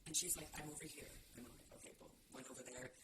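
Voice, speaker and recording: Woman, low voice, rapid talk, blunt swearing storyteller, noisy podcast recording. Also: level tone, pushed and bright. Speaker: podcast co-host. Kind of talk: casual chat.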